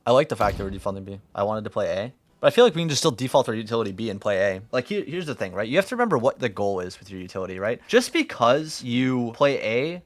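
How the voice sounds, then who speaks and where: A young man giving blunt, profane, teasing critique as he coaches a player over a live stream. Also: fairly low pitch. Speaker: game coach.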